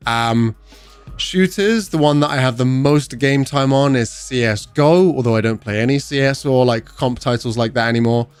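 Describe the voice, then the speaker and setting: A British man chatting casually with viewers during a gaming livestream, relaxed and swearing freely. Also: mid-range voice, clear, resonant tone, dry recording.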